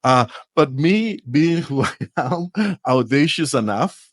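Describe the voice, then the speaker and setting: A man in his forties from Costa Rica, speaking English with a Costa Rican Spanish accent, telling stories as a podcast guest, lively and laughing, with frequent restarts. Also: a little high, takes it slowly, no echo. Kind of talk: storytelling interview.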